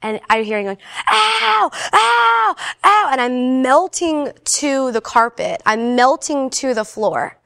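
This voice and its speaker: Animated woman, quick storytelling. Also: a little high, no room sound, studio quality. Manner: quick and animated, acting out quoted voices. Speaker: guest sharing her faith testimony. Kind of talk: casual spoken storytelling.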